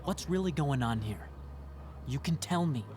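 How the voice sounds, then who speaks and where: A controlling teenage boy in a video game, his voice swinging up and down with clingy intensity. He speaks with an insistent, creepy calm and presses his point hard. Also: fairly high pitch, measured pace. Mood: coaxing.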